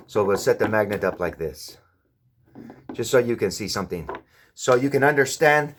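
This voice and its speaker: A man's voice: medium pitch, fairly bright tone. A man giving a casual hands-on explanation with objects, often stopping to ask the viewer whether they see it. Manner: keeps checking with the viewer, repeating "do you see". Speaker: presenter demonstrating with objects.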